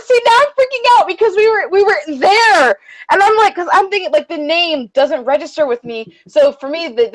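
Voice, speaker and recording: A woman co-hosting a casual chat show, excitable and rambling, gushing like a fangirl. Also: extremely high pitch, rough recording. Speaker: podcast co-host.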